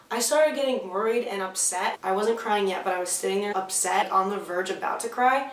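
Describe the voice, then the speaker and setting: A woman's voice: mid-range voice, fairly quick, far from the mic, slight background noise. A young woman telling a story in a candid vlog, swearing often and getting worked up. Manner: candid, swears often, rising to frustrated outbursts. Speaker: vlogger. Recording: roomy sound, a bit away from the mic.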